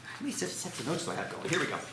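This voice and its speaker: A man's voice: fairly high pitch, huge pitch swings, rapid-fire, heavy background noise. A man teaching a math class, joking and poking fun at himself as he works through problems with students. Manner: joking, self-deprecating. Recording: echoey classroom.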